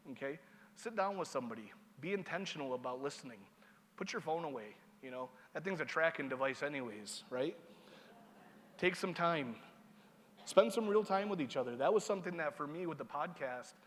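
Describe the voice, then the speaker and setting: A man speaks as master of ceremonies at a conference, in a relaxed, joking way, often checking in with the crowd. His voice sits a bit high for a man. It rings with a long reverb from a large hall. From Seneca Nation. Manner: casual, joking, checks in with the audience. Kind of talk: conference opening remarks.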